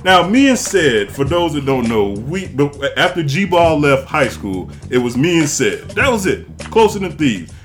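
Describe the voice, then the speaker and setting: A man's voice: a little high, big pitch swings, unhurried, few pauses, faint music behind. A man hosting a casual podcast, telling teasing stories in a boisterous way. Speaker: podcast host.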